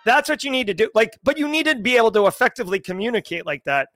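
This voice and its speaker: A man's voice: very high voice, very animated, fast, fairly bright tone, no room sound, studio quality, faint music behind. A middle-aged man with a mild Massachusetts accent, hosting a cybersecurity livestream and chatting loosely and jokily with viewers. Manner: jokey and loose, lots of "like" and restarts. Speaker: host of a daily cybersecurity news livestream. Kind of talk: casual livestream chat with viewers.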